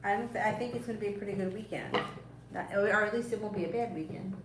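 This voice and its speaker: A woman's voice: mid-range voice, quick pace, distant mic. A woman doing casual live-stream tarot readings, chatty and reassuring, rambling along with fillers and small laughs. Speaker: tarot reader. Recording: echoey room, voice a bit off-mic, faint background noise.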